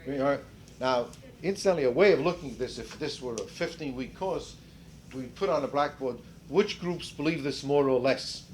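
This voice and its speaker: A man's voice: mid-range voice, expressive, a little fast, slight background noise. An older man leading a seminar discussion in a conversational lecturing way, rephrasing as he goes and putting questions to the group. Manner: conversational, restarts and rephrases mid-sentence. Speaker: seminar leader.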